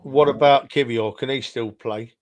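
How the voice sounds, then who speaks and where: A man's voice: medium pitch, fairly even intonation, moderate pace. A man co-hosting a football podcast in casual chat, teasing and full of banter. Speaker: podcast co-host.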